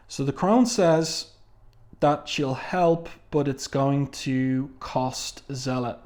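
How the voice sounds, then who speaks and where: A man's voice: mid-range voice, takes it slowly, a little mellow. A man talking casually through a comic book review, reading quotes from the panels aloud, with frequent fillers and asides.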